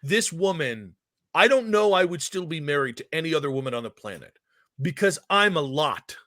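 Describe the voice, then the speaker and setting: A young man co-hosting a sports podcast, talking in a bright, forceful voice that sits a bit high for a man. He tells stories animatedly, jumping up in pitch and volume when excited. The sound is close and dry. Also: normal speed, dry recording. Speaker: podcast co-host. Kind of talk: casual chat.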